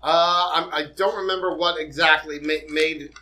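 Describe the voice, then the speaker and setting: A man's voice: fairly high pitch, steady tone, moderate pace, pushed and bright. A man co-hosting a podcast in casual chat, mostly reacting with short interjections. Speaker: podcast co-host. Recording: roomy echo.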